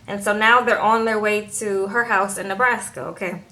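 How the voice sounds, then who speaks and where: A young woman chatting through a reality show recap, sassy and animated, often asking "okay?" and acting out the people she talks about. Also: medium pitch, normal speed. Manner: animated, sassy, acts out quotes in voices, says "okay?" a lot.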